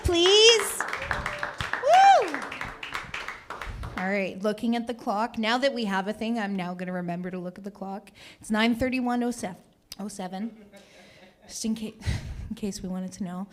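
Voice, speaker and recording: A woman's voice: mid-range voice, fairly even intonation, fairly quick, background noise. A young woman performs stand-up at an open mic in a chatty, self-mocking way, often laughing at her own jokes. Her voice sits in an ordinary middle register, and her delivery is loose and conversational. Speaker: stand-up comedian.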